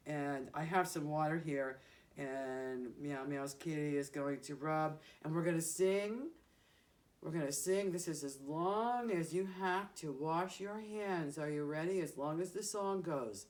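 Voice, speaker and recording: Slow, gentle woman entertaining children. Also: deep voice. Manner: slow, gentle and sing-song, with exaggerated emphasis. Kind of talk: talking to young children.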